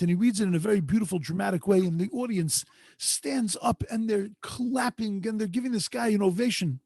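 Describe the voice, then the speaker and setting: Gravelly earnest rabbi teaching a class. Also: male voice, high-pitched, darkish tone, dry recording. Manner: earnest, drawn-out phrasing with Hebrew and Yiddish terms. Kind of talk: storytelling Torah lesson. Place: home online video call. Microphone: video call microphone.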